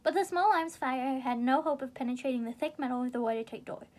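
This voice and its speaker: A woman reading a game novelization aloud in a relaxed way, breaking off into rambling, giggly side comments and soft whispers. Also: high-pitched, fast.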